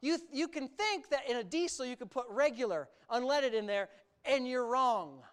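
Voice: high voice, expressive, moderate pace, smooth. A preacher from the United States delivering a sermon, talking emphatically, stretching words for emphasis and adding sarcastic asides.

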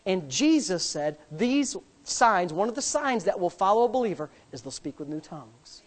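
Emphatic high-voiced woman preaching. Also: very animated, brisk, few pauses. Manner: emphatic, swings between loud and hushed. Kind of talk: sermon. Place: church. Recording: long hall reverb.

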